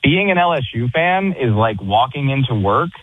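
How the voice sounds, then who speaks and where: A man's voice: mid-range voice, sing-song, moderate pace. A man ranting in exasperation during a casual chat, calling in from a rooftop. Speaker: guest podcast co-host. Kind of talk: casual chat over a call. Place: on a roof. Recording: tinny phone-like line.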